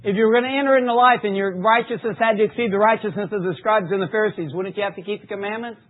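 A man preaching a sermon, reading scripture emphatically and dropping low for asides. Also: very fast. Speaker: pastor. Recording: tinny phone-like recording.

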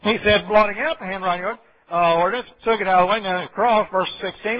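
A man's voice: high-pitched, lively intonation, quick pace. A man preaching a folksy sermon, full of rambling asides and checks with his listeners. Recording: dull lo-fi recording.

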